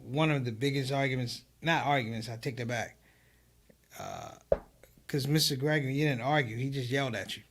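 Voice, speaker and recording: A man who is a comedian, a guest on a live online show, telling stories in an animated way and quoting others in a raised voice. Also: a little high, creaky. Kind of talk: livestream conversation.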